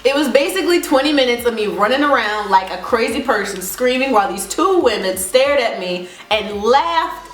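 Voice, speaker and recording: Animated, laughing woman telling a story. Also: a little high, normal speed. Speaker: beauty vlogger. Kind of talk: casual storytelling vlog. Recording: roomy echo, faint music.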